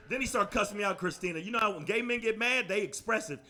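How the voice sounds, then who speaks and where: Male stand-up comic, brash and profane, high voice, club stage mic. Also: fast, few pauses, bright, forceful tone. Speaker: stand-up comedian. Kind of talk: stand-up comedy set.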